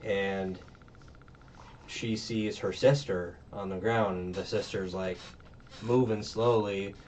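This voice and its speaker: A man's voice: lowish voice, steady tone, takes it slowly, darkish tone. A man casually recapping a movie plot, rambling with lots of ums and uhs and acting out the characters' lines. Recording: distant, muffled mic with faint noise.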